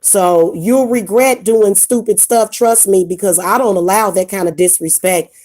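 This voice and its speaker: A woman who gives spiritual advice on her vlog delivers a casual ranting monologue to camera at a moderate pace, in a mellow mid-range voice. She's blunt and indignant and tends to repeat herself.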